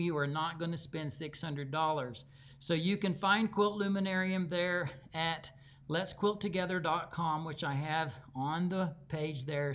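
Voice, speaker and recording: A man's voice: sits high, a bit bright. A man with a Texan accent giving a live online quilting lesson, chatty and folksy as he tells stories between demonstrations. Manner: chatty, folksy storyteller with easy laughs. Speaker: quilting teacher.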